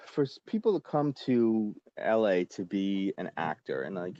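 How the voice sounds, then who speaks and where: A man in his forties with a lowish, mellow voice tells a story as a podcast guest. He rambles through it with plenty of fillers and casual swearing. The sound is dry and slightly dull, like a lo-fi podcast. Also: very animated, unhurried, no echo.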